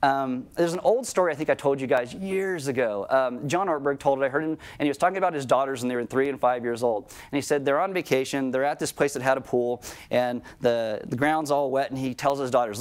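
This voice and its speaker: Man preaching in a casual, conversational way. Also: medium pitch. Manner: conversational preaching, slows down for emphasis. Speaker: pastor. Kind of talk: sermon.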